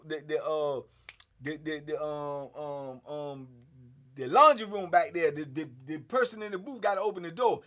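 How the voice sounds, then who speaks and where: Animated bright-voiced man telling stories. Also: a little high. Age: middle-aged. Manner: animated, acts out quotes, frequent "man". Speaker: host telling prison stories. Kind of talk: casual storytelling.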